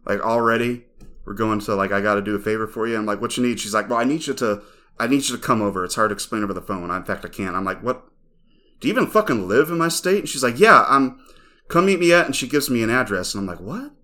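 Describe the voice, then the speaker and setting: Profane low-voiced podcast storyteller man. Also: lively intonation, fast, fairly bright tone. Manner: casual, profane, rambling anecdotes. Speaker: podcast co-host. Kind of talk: casual podcast chat and storytelling.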